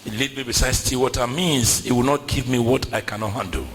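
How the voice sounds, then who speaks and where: A man's voice: mid-range voice, steady tone, fairly quick, hardly any pauses, in a large hall, a little hiss or hum, poor audio. A man preaching a sermon in a church with a West African accent, emphatic and repetitive, calling out to the congregation. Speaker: pastor.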